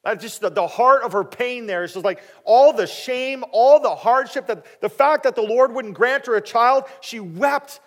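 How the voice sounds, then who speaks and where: A man preaching a sermon, animated and dramatic, acting out the people in the story and dropping quiet for questions to the listeners. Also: normal speed, hardly any pauses. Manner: animated, acting out quoted voices with big swings in pitch and loudness. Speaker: pastor.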